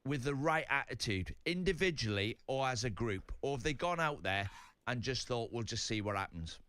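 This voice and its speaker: A radio co-host asks pointed, probing questions in a bright, lively voice that sits a bit high. The sound is close and dry. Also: male voice, moderate pace, smooth, dry recording.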